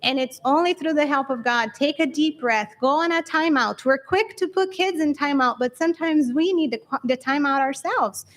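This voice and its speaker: A woman's voice: sits high, normal speed, few pauses. A woman giving an earnest church talk on parenting, explaining with examples and rhetorical questions and acting out talks with her children.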